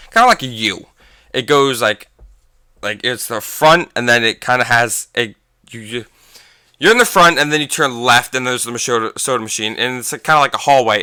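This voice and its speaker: A man's voice: medium pitch, bright, forceful tone, clear, resonant tone, no echo. A teenage boy casually telling a long story, rambling and correcting himself as he goes. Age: teens. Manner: rambling, self-correcting, chatty. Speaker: gaming channel vlogger.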